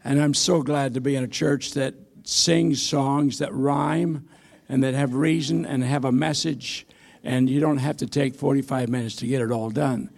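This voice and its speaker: A man's voice: mid-range voice, fairly even intonation, normal speed, vocal fry, darkish tone. A man in his eighties, a missionary preacher, giving a sermon in a church with folksy, self-deprecating stories and frequent hesitations. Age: 80s. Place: church sanctuary.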